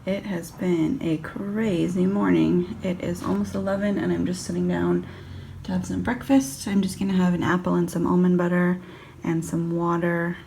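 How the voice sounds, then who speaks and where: A woman's voice: on the low side, flat delivery, normal speed, vocal fry, dark tone, slight background noise. A woman from California chatting casually through a food diary vlog, self-deprecating and full of ums and likes. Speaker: vlogger.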